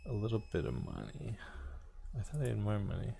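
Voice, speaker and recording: Low gravelly man muttering over gameplay. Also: big pitch swings, fairly quick, warm tone, slight background noise. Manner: muttering, thinking aloud while playing. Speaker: streamer. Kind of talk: live gameplay commentary. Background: game music, keyboard typing.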